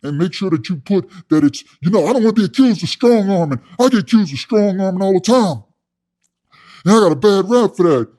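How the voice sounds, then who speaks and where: A man putting on a loud cocky prison coach. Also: on the high side, a little fast, few pauses, voice pushed up, natural voice. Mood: bossy boasting. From California. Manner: loud, aggressive, boastful, calls others soft boy. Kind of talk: comedic impression.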